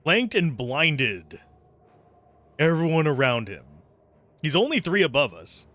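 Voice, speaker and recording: A man's voice: fairly high pitch, sing-song, slow pace, pushed and bright, no echo. A man giving casual, wry commentary while playing a game. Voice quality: chatty, wry, self-amused. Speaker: game streamer.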